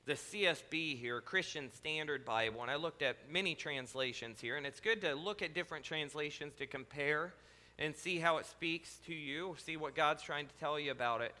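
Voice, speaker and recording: A man's voice: fairly high pitch, moderate pace, pushed and bright, in a large hall. A male pastor preaching a sermon, earnest and repetitive, asking the listeners question after question. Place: church sanctuary.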